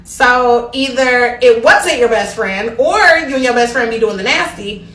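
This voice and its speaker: A young woman recounts a trip gone wrong in a casual storytime, gossipy and lively, talking right to her audience. Her voice sits a little high. The sound is roomy and distant, as if the mic is across the room. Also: a little slow. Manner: animated, gossipy, addresses viewers directly.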